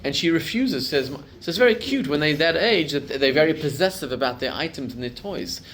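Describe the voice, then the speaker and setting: A man's voice: fairly high pitch, lively intonation, brisk, a little hiss or hum. Rabbi teaching a class, emphatic man. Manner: storytelling, builds to loud emphatic peaks. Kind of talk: Torah class talk to a live group.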